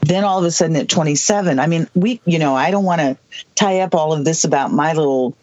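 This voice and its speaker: Older guest from the Southwest, rambling and halting, dry dull lo-fi sound. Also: medium pitch, a little mellow, no echo. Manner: halting, many restarts and asides. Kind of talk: rambling personal storytelling.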